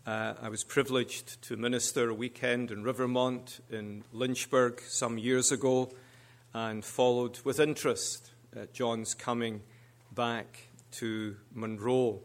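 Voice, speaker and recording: A male guest preacher delivers a sermon at an unhurried pace. He moves in measured, deliberate phrases and lets each clause land before the next, his voice sitting at an ordinary middle pitch. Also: little pitch movement.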